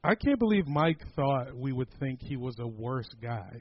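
A man's voice: medium pitch, normal speed. A man hosting a podcast in casual chat, joking and swearing a lot. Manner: joking, profane, excitable. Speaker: podcast host. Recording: dull lo-fi sound with faint noise.

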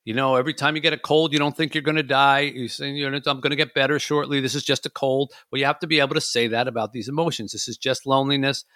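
A man's voice: medium pitch, quick pace, few pauses, dry recording, clean studio sound. A man hosting a casual talk show, chatting and acting out his own inner voice. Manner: animated, acts out his inner voice. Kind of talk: casual chat.

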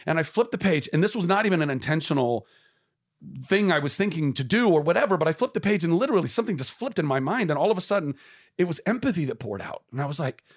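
A man's voice: on the high side, animated, fast. A man talking as a podcast guest in a candid conversation, earnest and impassioned, restarting phrases as he searches for words.

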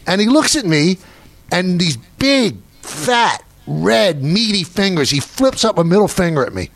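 Lively high-voiced man in his sixties. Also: measured pace, vocal fry. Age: 60s. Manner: animated storytelling, mock-outraged. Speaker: radio show host. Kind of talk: casual radio banter.

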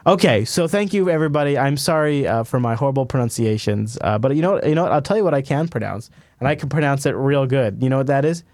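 A man's voice: mid-range voice, animated, quick pace, darkish tone, dry recording. A man hosting a tech podcast in casual chat, rambling and laughing at himself. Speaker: podcast host.

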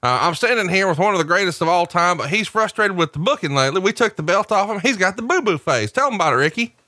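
A man's voice: high voice, expressive, quick pace, bright, forceful tone, dry recording, studio quality, pitched above the performer's own voice. A man putting on an overblown wrestling announcer voice to introduce a backstage interview. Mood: hyping.

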